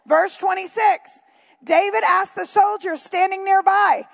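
A woman preaching to her congregation in a strikingly high voice that carries a gravelly edge of fry. She reads scripture and drifts into casual, joking asides as she goes. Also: fairly even intonation, measured pace. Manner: chatty asides and jokes to the congregation. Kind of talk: sermon with Bible reading.

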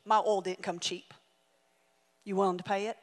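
A woman voicing a stern, seasoned woman preacher who speaks bluntly, low and firm. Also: little pitch movement, normal speed, long reverb tail, lightly acted.

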